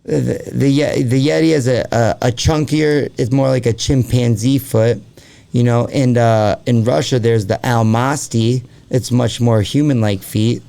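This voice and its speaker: A man's voice: medium pitch, steady tone, measured pace, creaky, dark tone. A man hosting a podcast in casual chat, rambling with lots of fillers and swearing freely. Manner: rambling, heavy on fillers like "like" and "you know". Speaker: podcast host.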